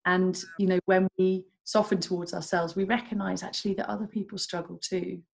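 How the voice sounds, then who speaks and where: Woman on a podcast, lowish voice, calm gentle explainer, easy measured delivery. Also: creaky, rough recording. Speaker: guest, doctor and self-compassion coach. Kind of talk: podcast interview.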